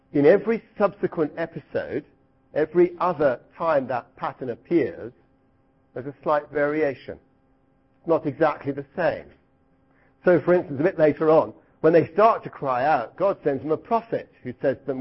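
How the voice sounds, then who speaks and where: A middle-aged man leads a lively Bible lesson, throwing questions out to his listeners and acting out cries. His voice is slightly high and husky. The recording sounds dull and lo-fi. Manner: asks the audience questions, lively, acts out cries. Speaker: Bible teacher. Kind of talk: interactive Bible teaching.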